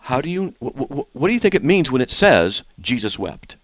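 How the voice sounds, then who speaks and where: A man's voice: mid-range voice, big pitch swings, a little fast, dry recording. A man hosting a call-in radio debate who presses a caller with repeated questions and cuts in often. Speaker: radio host.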